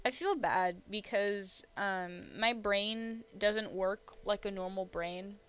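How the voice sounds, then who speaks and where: Slow, chatty American woman streamer. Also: medium pitch, a bit bright, smooth. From United States. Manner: chatty, laughing often, jumping between topics. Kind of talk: casual game-playing commentary. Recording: slightly muffled stream mic.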